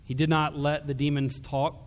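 A man preaching a sermon in an earnest, emphatic way, dropping soft and low when he quotes. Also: little pitch movement, normal speed, big-room sound.

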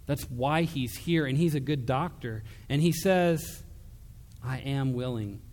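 A man preaching a sermon in an earnest, emphatic way, dropping soft and low when he quotes. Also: measured pace, long reverb tail.

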